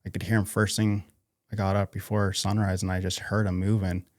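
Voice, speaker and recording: A man from North Idaho, a podcast guest talking casually in a halting way, with many fillers and restarts. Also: low voice, little pitch movement, no room sound, studio quality. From North Idaho, USA. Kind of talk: casual interview conversation.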